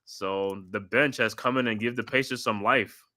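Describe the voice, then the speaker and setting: Man host, bright forceful voice, live play-by-play call with casual asides. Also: on the low side, fairly even intonation, normal speed. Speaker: watch party host calling the game.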